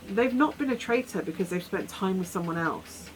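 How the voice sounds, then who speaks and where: A woman's voice: medium pitch, fairly quick, few pauses, a little hiss or hum, rough recording. A woman giving a rambling, earnest tarot reading, often acting out imagined conversations. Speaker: tarot reader. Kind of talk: weekly tarot reading, casual advice.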